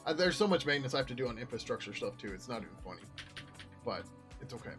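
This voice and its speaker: A man of ordinary mid-range pitch talks through his code on a live stream in a loose, offhand way. He trails off, restarts and swears casually as he goes. Soft music plays faintly behind him. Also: sing-song, fast. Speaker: software developer streaming his work.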